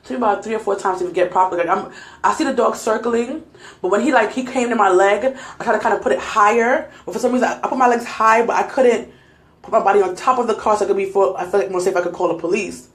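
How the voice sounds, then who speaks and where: A young adult woman vlogger, shaken and laughing nervously, tells her viewers about a scary night, recording on a phone in a casual storytelling way. Her mid-range voice moves fast, and the sound is roomy.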